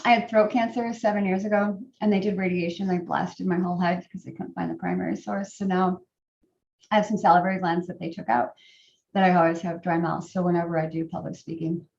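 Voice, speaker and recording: A middle-aged woman telling a personal story to a group, in a halting way with many fillers and restarts. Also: on the low side, level tone, creaky, darkish tone, a little hiss or hum. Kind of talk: personal testimony talk. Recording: roomy, distant, dull sound.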